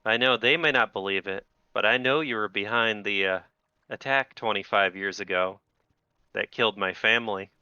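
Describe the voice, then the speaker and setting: Man playing a vengeful princess, cold and accusing, bright tone, dull lo-fi sound. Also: fairly low pitch, normal speed, clear, resonant tone, no room sound. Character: vengeful young woman, a princess out for revenge.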